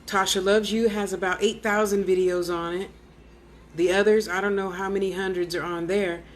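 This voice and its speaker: A woman's voice: medium pitch, level tone, moderate pace, slight background noise. Rambling woman medium chatting live. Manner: rambling, chatty, talks straight to viewers; blunt with casual swearing. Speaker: clairvoyant medium. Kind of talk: casual live-stream chat.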